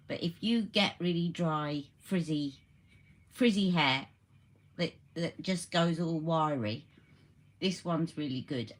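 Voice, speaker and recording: A woman hosting a casual beauty live stream, chatting about products and reacting to viewer comments as she goes. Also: low voice.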